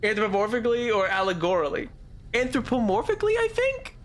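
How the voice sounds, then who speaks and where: A young man streaming a game live, rambling and excitable, laughing often. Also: sits high, fast talker.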